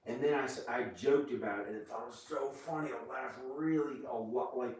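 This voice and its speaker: A man talking casually as host, halting and restarting his sentences often, recorded in a room of a house. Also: medium pitch, darkish tone. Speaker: channel host. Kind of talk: casual chat. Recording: echoey room, far from mic.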